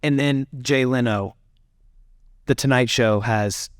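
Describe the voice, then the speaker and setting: A man's voice: mid-range voice, slow, clear, resonant tone, no room sound, clean studio sound. A man hosting a podcast interview, asking questions in a casual, encouraging way. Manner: friendly, lots of fillers and restarts, encouraging reactions. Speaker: podcast host.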